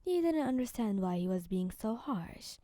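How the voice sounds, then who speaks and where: A woman narrating a second-person fan story in a soft, calm, even reading voice. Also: mid-range voice, normal speed, no room sound.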